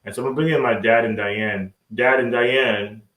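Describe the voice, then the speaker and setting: A young man hosting a casual interview with his parents, soft-spoken and halting. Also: mid-range voice, steady tone, echoey room, low-quality recording.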